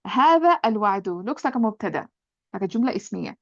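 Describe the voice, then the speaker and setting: This woman's medium-pitched, gravelly voice swings widely in pitch and comes out rapid-fire, in a dry, dull recording. Teaching Arabic grammar, she patiently goes step by step, repeating points and checking in with "right?".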